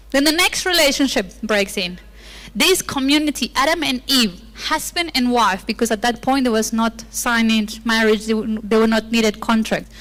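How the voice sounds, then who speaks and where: A woman's voice: fairly high pitch, a bit bright. A woman pastor preaching a sermon with playful asides, acting out the lines she quotes. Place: church auditorium. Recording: long reverb of a church hall.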